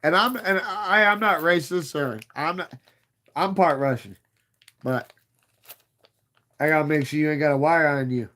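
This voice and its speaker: A man's voice: a little high, measured pace, pauses often, pushed and bright. A man in his thirties hosting a livestream, chatting casually and profanely with viewers in a rambling, playful way. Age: 30s. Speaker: livestream host.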